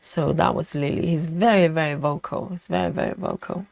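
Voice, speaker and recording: A woman's voice: low-pitched, fairly quick, creaky, a little mellow, no room sound. A woman hosting a live stream in casual, chatty talk, reading out and answering viewer comments with frequent laughs.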